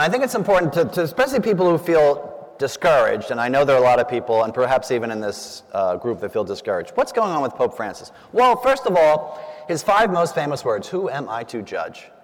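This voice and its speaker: A man, a priest, tells stories to a gathered group in a relaxed, conversational way, full of asides and little fillers. His voice sits at an ordinary middle pitch. The sound rings with the long reverb of a large hall. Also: brisk. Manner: chatty, anecdotal, frequent asides and fillers. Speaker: priest giving a talk to a group. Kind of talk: conversational public talk with storytelling.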